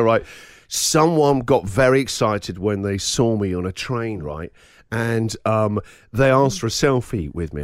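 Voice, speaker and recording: A man's voice: mid-range voice, dry recording, clean studio sound. A man hosting a radio breakfast show, telling a story in casual chat and acting out the people in it. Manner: animated, laughing storyteller acting out quotes.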